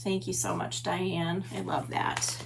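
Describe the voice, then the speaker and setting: A woman's voice: lowish voice, level tone, measured pace, gravelly, slight background noise. A middle-aged woman hosting a papercraft livestream, chatty and gushing as she greets viewers by name. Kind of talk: casual livestream chat. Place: home stamp room.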